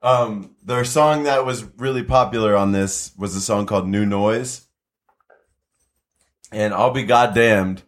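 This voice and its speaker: A man's voice: fairly low pitch, measured pace. A man hosting a podcast in laid-back casual chat, full of "like" fillers. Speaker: podcast host.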